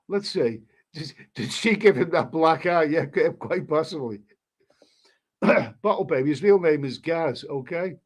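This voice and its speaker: A man's voice: on the high side, animated, measured pace. A man hosting a live stream, reading a story aloud in a casual way and breaking off to answer the chat.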